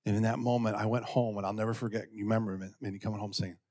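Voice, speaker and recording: Man preaching with lively storytelling. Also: very fast. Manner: animated, acts out quotes in a raised pitch; drops to a quiet, intimate tone. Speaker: pastor. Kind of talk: sermon storytelling.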